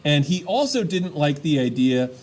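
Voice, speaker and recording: A man teaching a history lesson, explaining step by step and often checking in with quick "all right?" and "okay?" asides. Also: on the high side, very animated, darkish tone. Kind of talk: classroom lecture.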